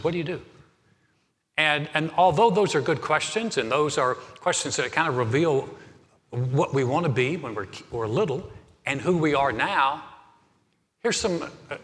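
A middle-aged male pastor delivers a live sermon in a church, his bright voice ringing out with a long hall reverb. He tells stories in a relaxed, conversational manner and often restarts his phrases mid-thought. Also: fairly high pitch. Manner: storytelling, conversational with repeated restarts. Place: church sanctuary.

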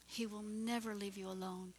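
A woman's voice: medium pitch, steady tone, moderate pace, slight background noise. A woman pastor preaching a fervent, encouraging sermon.

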